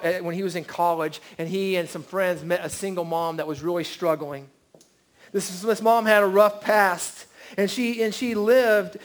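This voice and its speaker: A male pastor preaching a sermon in a church service, earnest, swinging from quiet to emphatic. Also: high voice. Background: faint band guitar.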